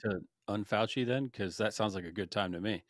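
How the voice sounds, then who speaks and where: A man's voice: fairly low pitch, a little fast, dry recording. A man co-hosting a podcast in casual chat, breaking in with short, dry wisecracks. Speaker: podcast co-host.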